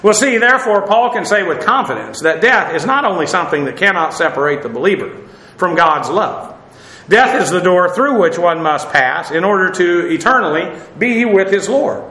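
A man's voice: sits high, lively intonation, moderate pace, pushed and bright, reverberant. A man preaching a casual sermon, chatty, with wry asides and many fillers.

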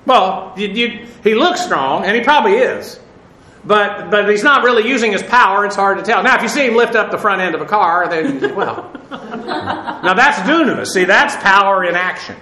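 High, bright-voiced man teaching Bible Greek. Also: moderate pace, echoey room, low-quality recording. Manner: relaxed, spells out Greek words letter by letter, many fillers; chuckles at his own jokes. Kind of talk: verse-by-verse Greek Bible study.

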